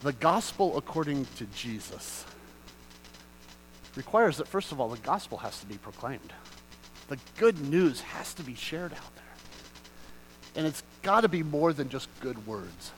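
Male pastor mid-sermon, slightly raised pitch, swings from quiet scripture reading to forceful emphasis, light hum in the background. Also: big pitch swings, unhurried, long pauses, low-quality recording. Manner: swings from soft reading to loud passionate emphasis.

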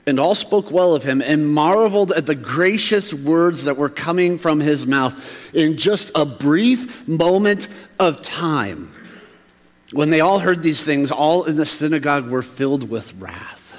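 A man preaching a relaxed, conversational sermon in a church sanctuary. His voice sits a little high for a man, and it carries a long reverb through the large hall. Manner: conversational, acts out townsfolk's reactions. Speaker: pastor.

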